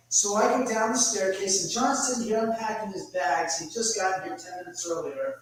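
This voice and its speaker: A man on a home video call, telling a ghost story in a casual, animated way and acting out the lines of the people in it. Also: high voice, moderate pace, reverberant, a little hiss or hum, low-quality recording. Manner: storytelling, animated, acts out quotes. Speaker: guest, house owner and author. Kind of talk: casual livestream chat.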